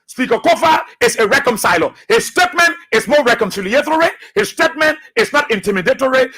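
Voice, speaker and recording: A man's voice: very high voice, pushed and bright, breathy edge. A man with a Liberian accent, hosting a radio talk show and delivering a preachy, combative political monologue full of repetition and scripture. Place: radio studio.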